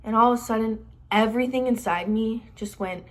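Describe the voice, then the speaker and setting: Chatty teen girl, higher voice. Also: fairly quick. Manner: rambling, says "like" constantly. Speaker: vlogger. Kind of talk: casual storytime.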